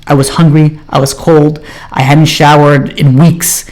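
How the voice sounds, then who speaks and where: A man's voice: fairly high pitch, little pitch movement, measured pace, darkish tone, natural voice. A man voicing a young male hippie drifter who talks in a loose, drawling way, full of "like" and "you know", within a told story. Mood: desperate.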